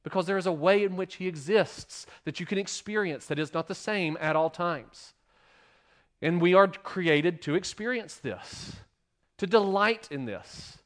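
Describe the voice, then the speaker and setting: A man giving a sermon as pastor, asking the congregation rhetorical questions and swinging between loud emphasis and quiet, hushed lines. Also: high voice, unhurried.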